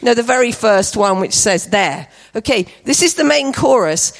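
A woman's voice: on the high side, animated, moderate pace. A woman leading a church children's song session, cheerfully encouraging the kids with constant praise. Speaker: children's worship leader.

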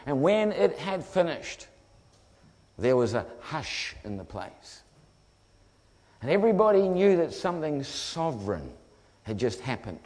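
New preacher, slightly high voice. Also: male voice, unhurried, long pauses. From New Zealand. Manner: lively storyteller acting out voices. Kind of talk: humorous testimony sermon. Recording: long hall reverb.

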